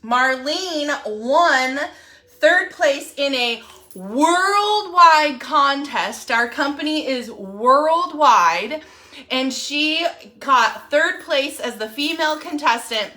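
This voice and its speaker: A woman's voice: sits high, sharp tone. A young adult woman chatting casually on a live video, gushing and rambling with lots of fillers. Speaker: wellness app promoter.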